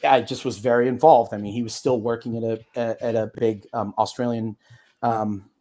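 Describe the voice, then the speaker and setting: A man's voice: medium pitch, steady tone, moderate pace, mellow. A man, an attorney guest on an interview podcast, talking casually in a rambling way with many fillers and restarts.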